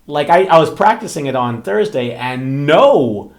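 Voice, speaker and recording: A man's voice: a little high, moderate pace. A man, a romance author and channel host, telling a story in casual chat with lots of fillers and acted-out quotes. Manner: animated storytelling, frequent fillers, acts out quoted voices. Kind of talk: casual talking-head chat.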